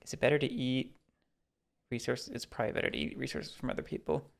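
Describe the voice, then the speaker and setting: A man's voice: medium pitch, lively intonation, fast talker, vocal fry. A man chatting casually while playing a board game and talking through each of his moves aloud. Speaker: board game teacher and player.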